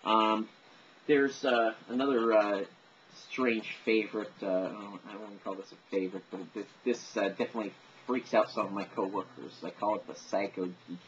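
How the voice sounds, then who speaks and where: A man's voice: lowish voice, fairly even intonation, moderate pace. A man chatting casually as he demonstrates his voices, rambling and self-deprecating. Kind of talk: casual chat to camera. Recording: dull lo-fi recording with faint noise.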